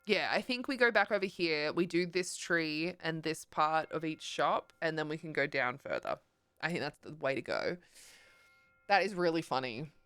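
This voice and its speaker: A woman's voice: deep voice, very animated, normal speed, sharp tone, clear, resonant tone, no echo. A young woman livestreaming, chatting casually and rambling with lots of fillers while she plays, sleepy and yawning. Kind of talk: casual chat while gaming.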